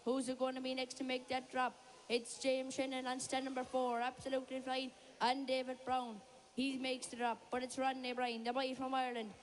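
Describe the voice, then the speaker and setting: Woman commentating fast and excited, high voice, flat pitch, echoey hall. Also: slight background noise. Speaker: shearing commentator. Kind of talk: live sports commentary.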